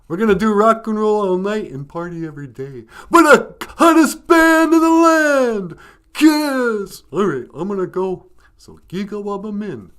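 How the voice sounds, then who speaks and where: A man doing a goofy high-voiced dog. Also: lively intonation, fairly quick. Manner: jokey, laughs at own puns. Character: goofy young male reservation dog.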